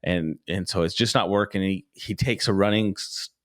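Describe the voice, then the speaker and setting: A man's voice: low voice, normal speed, no echo, clean studio sound. A young man co-hosting a podcast, telling stories in casual chat, swearing a lot and acting out his own reactions. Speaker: podcast co-host.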